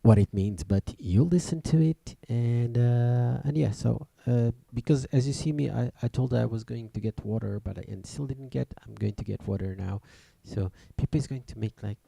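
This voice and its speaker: Gravelly, dark-voiced man hosting a music show. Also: mid-range voice, moderate pace, few pauses, no echo. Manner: rambling, hesitant, many restarts. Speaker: radio show host and DJ. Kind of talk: casual chat on a livestreamed music show.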